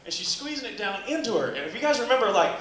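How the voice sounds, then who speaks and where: A man with a high voice talks fast through a rambling stand-up set on a club stage, acting out his own exclamations in animated storytelling. The recording carries the echo of the club room and the sound of the crowd.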